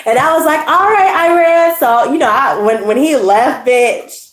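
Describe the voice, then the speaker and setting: Animated high-voiced woman telling a story. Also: normal speed, echoey room. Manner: animated, laughing, profane, slangy. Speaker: tarot channel host. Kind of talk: casual storytime to a live audience.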